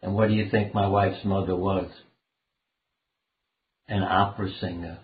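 A man's voice: low-pitched, little pitch movement, unhurried. Older man telling stories over a tinny line. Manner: rambling anecdotal storyteller, earnest. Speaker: guest, doctor and author. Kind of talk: conversational storytelling interview. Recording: phone-like line in a roomy space.

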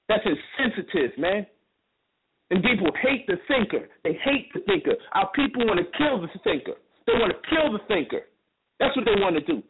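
A man's voice: sits high, slightly rough. A man giving an impassioned, profane monologue as a radio guest, hammering his points with rhetorical questions and repetition. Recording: tinny phone line with faint noise.

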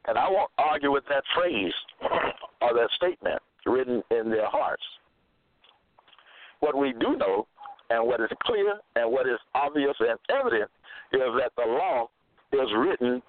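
A man giving a slow, repetitive religious monologue, halting with fillers and stressing his points. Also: medium pitch, dry recording. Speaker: self-styled preacher. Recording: tinny phone-like dry recording.

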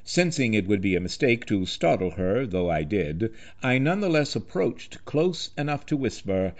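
A man's voice: lowish voice, lively intonation, normal speed, few pauses. Impassioned male talk radio host. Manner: impassioned, rhetorical, declaiming in lists. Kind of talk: scripted political commentary.

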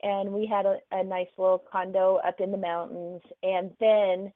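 A woman's voice: medium pitch, little pitch movement, normal speed, no echo. A middle-aged woman from Oklahoma with a light Southern accent, a guest author chatting casually in an interview and laughing easily. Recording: tinny phone-like remote call line.

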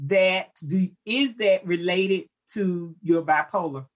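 A woman hosts a podcast interview in a somewhat low voice. She asks her guest short questions and keeps her going with brief, encouraging prompts. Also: slow, muffled recording. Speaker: podcast host.

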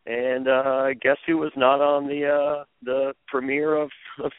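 This former reality show contestant, appearing as a podcast guest, has a level mid-range voice, a measured pace and a clean, echo-free tone. He tells stories casually in interview, rambling with frequent restarts and fillers. It sounds like lo-fi phone audio.

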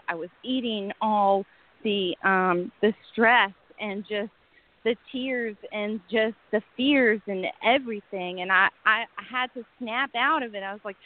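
A woman from Alabama with a Southern accent, speaking candidly as an interview guest. She talks in a chatty way, laughs often and uses many fillers. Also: a little high. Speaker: guest, yoga fitness instructor. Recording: phone-line audio.

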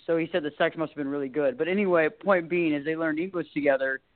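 A woman's voice: low-pitched, fast, no echo. Chatty Southern woman on a phone line. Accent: Southern US, light Texas drawl. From Southern United States. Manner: chatty, laughing, rambling storyteller. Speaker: guest, talk show host and life coach. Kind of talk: casual interview chat.

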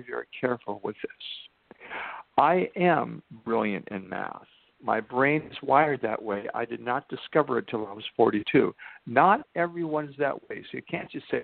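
Older guy w/ a gravelly voice, dry sound, slows way down to hammer points. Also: medium pitch, animated, dry recording. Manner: emphatic, slows down for key points. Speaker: guest. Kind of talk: podcast interview storytelling. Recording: tinny phone-line sound.

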